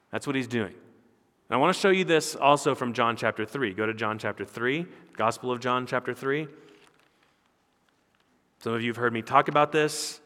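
A pastor preaching a sermon with earnest, emphatic delivery that rises and falls. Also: male voice, mid-range voice, a bit bright, big-room sound.

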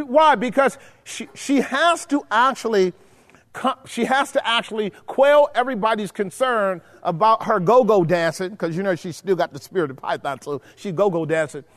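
Man, high voice, emphatic Bible study preaching, keeps checking in with listeners, long reverb.

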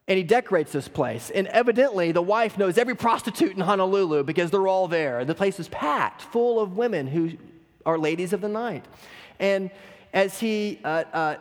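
Pastor guy preaching and storytelling, earnest, echoing church hall. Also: on the high side. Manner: earnest storytelling, some repeats. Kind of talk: sermon. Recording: long hall reverb.

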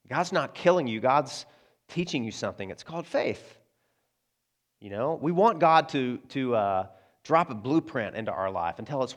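A man preaches a sermon in an easy, conversational way, speaking straight to his congregation. He slips into voices for the quotes he tells, and his pitch sits in the middle range for a man. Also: lively intonation, moderate pace. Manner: conversational preaching, asides to the congregation, frequent restarts; acts out quoted voices in prayer and dialogue. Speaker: pastor.

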